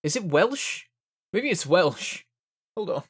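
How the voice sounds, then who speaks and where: A man's voice: high voice, very animated, slow, slightly rough. A man giving casual gameplay commentary, thinking aloud as he works things out. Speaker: game streamer.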